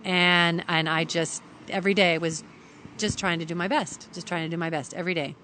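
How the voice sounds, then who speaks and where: Woman, middle-aged, from Kentucky, lively podcast storyteller, lowish voice, faint hiss. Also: a little fast. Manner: animated, acts out others' lines when quoting them. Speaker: podcast guest. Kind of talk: storytelling in casual conversation.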